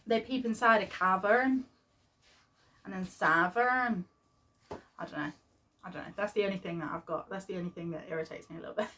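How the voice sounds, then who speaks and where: A woman in her thirties with a British accent, chatting casually and rambling a bit as a parenting vlogger, often laughing. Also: on the high side. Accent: British English. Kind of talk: casual chat. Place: home nursery. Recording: voice slightly distant from the mic.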